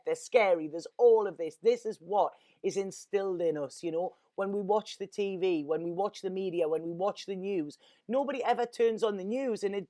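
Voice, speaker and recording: A woman's voice: fairly low pitch, a little mellow. Earnest rambling woman. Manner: earnest and rambling, repeats words, gets emotional. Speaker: tarot reader. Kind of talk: casual spiritual monologue.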